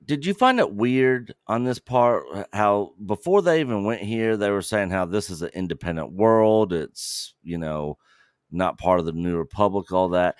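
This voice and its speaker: A man co-hosting a casual review chat, slow and hesitant with many fillers. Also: on the low side, expressive, clean tone, no room sound, clean studio sound. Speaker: co-host of a TV review show.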